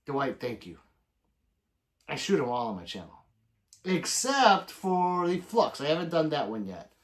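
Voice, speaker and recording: A man's voice: on the high side, sing-song, unhurried. A man hosting a livestream, reading viewer comments aloud in loose, profane casual chat and plugging subscriptions. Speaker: livestream host.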